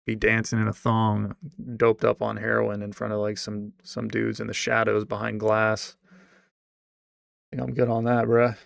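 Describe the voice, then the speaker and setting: A man streaming and chatting casually, rambling with restarts and trailing off into quiet mumbles. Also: lowish voice, completely flat delivery, moderate pace, vocal fry, no room sound, clean studio sound. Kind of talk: casual livestream chat.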